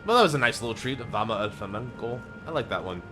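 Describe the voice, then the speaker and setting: A male game streamer who chats casually as he plays. His pitch swings up and down a lot while he rambles, and game music plays in the background. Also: animated, fast. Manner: rambling, chatty, reads game lines aloud. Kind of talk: casual live-stream commentary.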